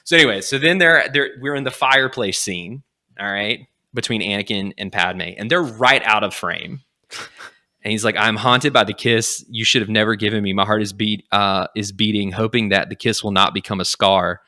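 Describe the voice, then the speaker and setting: A young man hosts a casual podcast, retelling a story with plenty of energy. His voice sits a touch low but comes across bright and forceful. He keeps slipping into quoted lines of dialogue as he goes. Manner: animated, acts out lines in quick quotes. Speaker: podcast host.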